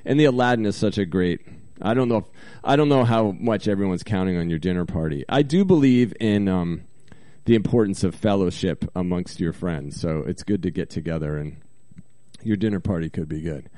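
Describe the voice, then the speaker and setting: A man co-hosting a casual chat show, reading out listener texts and telling a story in a rambling, halting way with lots of fillers. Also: deep voice, warm tone, no echo, studio quality.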